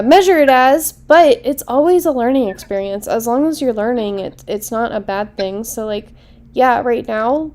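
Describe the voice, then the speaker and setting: A woman's voice: on the high side, darkish tone. A woman hosting a casual online chat who talks in an easygoing, hesitant way. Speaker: host.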